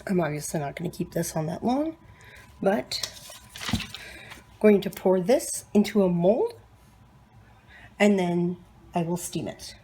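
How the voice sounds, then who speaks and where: A home cook chats casually in her kitchen for a cooking vlog, throwing in self-mocking asides. Her voice is lowish with a dark tone, and she speaks in an animated but unhurried way with frequent pauses.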